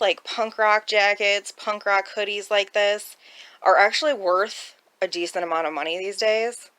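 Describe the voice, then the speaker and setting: A woman's voice: mid-range voice, a bit bright. A woman chatting casually at home about her thrift haul, rambling and laughing often. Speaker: thrift reseller vlogger. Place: at home indoors.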